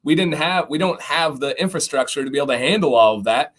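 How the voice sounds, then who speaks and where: A middle-aged man from Michigan hosting a casual livestream chat, animated and reading viewer comments aloud. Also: on the high side, quick pace. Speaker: livestream host.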